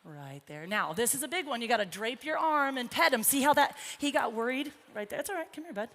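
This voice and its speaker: A woman's voice: on the high side, expressive, brisk, fairly bright tone. A woman horse trainer giving a live arena demonstration, chatting encouragingly to her colt and the crowd. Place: large indoor horse arena. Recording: reverberant arena with faint noise.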